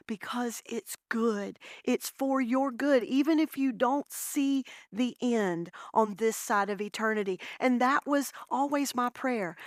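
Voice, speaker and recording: A woman's voice: a little high, dry recording. Woman, church testimony speaker, heartfelt storyteller, dry close sound. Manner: heartfelt, storytelling, addresses listeners as "y'all". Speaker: guest speaker. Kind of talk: personal testimony talk. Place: church breakfast gathering.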